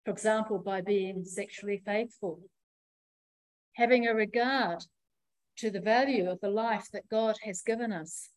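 A woman preacher giving a sermon in a measured, reflective teaching manner, pausing often as she explains. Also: medium pitch, no echo, poor audio.

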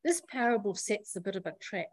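A woman preacher giving a sermon in a measured, reflective teaching manner, pausing often as she explains. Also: mid-range voice, no room sound, low-quality recording.

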